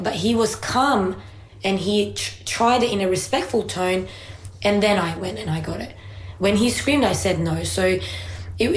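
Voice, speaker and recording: A woman co-hosting a casual conversation, a mother telling everyday stories in a chatty, animated way and laughing easily. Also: medium pitch. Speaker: podcast co-host and mother. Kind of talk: casual conversation, anecdotal storytelling. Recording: roomy echoey room.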